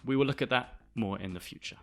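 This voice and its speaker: A man from the south of England with a Southern English accent, explaining English vocabulary to learners in a clear, deliberate way. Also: mid-range voice. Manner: clear, deliberate, spells words out. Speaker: English teacher, podcast host.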